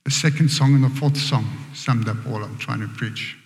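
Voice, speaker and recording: A man preacher telling a story in a sermon, dramatic and dropping to hushed whispers, in a large church hall. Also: medium pitch, normal speed. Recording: echoey hall with long reverb.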